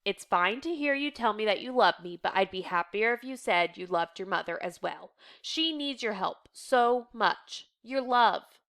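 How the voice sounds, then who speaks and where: A woman reading as a calm, kind father. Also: mid-range voice, unhurried.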